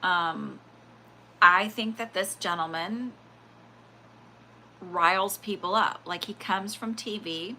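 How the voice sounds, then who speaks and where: A woman's voice: fairly low pitch, slow, pauses often, a little hiss or hum. A woman hosting a spiritual reading livestream, rambling in a casual way with lots of fillers and quoted asides. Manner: rambling, animated, full of fillers and acted-out quotes.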